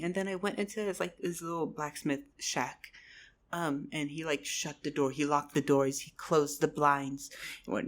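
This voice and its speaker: A man telling a rambling, comedic made-up story in a rapid, stumbling way. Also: a little high, fairly even intonation, a bit bright.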